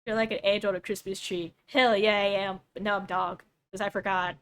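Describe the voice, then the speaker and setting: A woman's voice: medium pitch, fairly even intonation, fairly quick, clean tone. A young woman streaming, reacting to a video with casual, sarcastic jokes. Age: young adult. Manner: joking, sarcastic asides.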